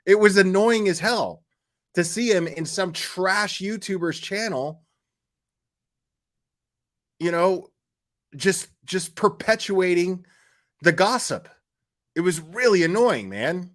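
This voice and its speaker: A man's voice: high voice, expressive, takes it slowly, pauses often, fairly bright tone. A man hosting a casual commentary stream, talking bluntly with lots of fillers, restarts and swearing, sounding exasperated. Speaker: YouTube commentary host.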